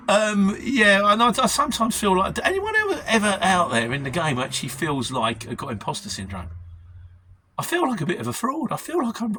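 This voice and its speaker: A man's voice: high-pitched, very animated, fast talker, bright, forceful tone. A middle-aged man with a London Mockney accent, chatting casually and self-deprecatingly as he answers viewer questions on his vlog. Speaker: lorry driver vlogger.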